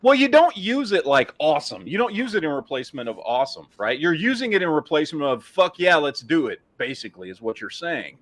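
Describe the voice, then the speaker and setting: A man in his forties chatting casually with friends, excitable and full of swearing. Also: fairly high pitch, a little fast, hardly any pauses. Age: 40s. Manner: animated, profane, excitable. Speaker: podcast co-host. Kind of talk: casual chat.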